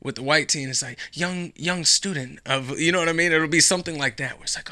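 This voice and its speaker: A man's voice: fairly high pitch, a little fast, hardly any pauses, bright, forceful tone. A man hosting his own show, talking alone in a casual, rambling way, sarcastic and dropping into a whisper for effect. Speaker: podcast host. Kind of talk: casual solo commentary.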